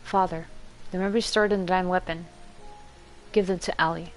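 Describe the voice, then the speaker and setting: A woman's voice: on the low side, fairly even intonation, brisk, soft background music, lightly acted, low-quality recording. Woman reading as a dying devoted son. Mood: pleading.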